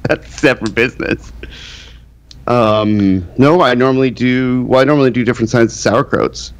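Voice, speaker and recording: A man's voice: mid-range voice, normal speed. A man co-hosting a podcast in casual chat, teasing his friends and swearing freely. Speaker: podcast co-host.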